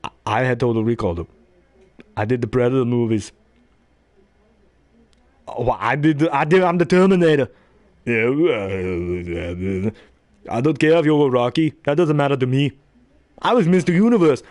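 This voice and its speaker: A man's voice: mid-range voice, lively intonation, moderate pace, long pauses, darkish tone, no room sound, natural voice. A man putting on a boastful action-star muscleman, clipped and heavy.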